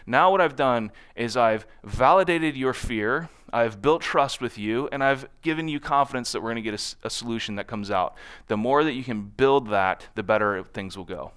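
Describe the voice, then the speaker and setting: Chatty male conference speaker, smooth voice. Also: mid-range voice, moderate pace, few pauses, a bit bright. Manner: conversational, constantly checks in with "right?"; acts out other people's quotes in shifting voices. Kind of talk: conference talk. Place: conference stage.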